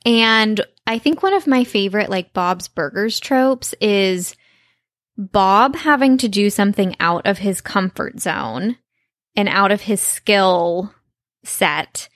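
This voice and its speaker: A woman's voice: medium pitch, takes it slowly, a bit bright, no echo, clean studio sound. A woman co-hosting a podcast in casual chat, talking enthusiastically with lots of fillers. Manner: enthusiastic, chatty, many fillers. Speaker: podcast co-host.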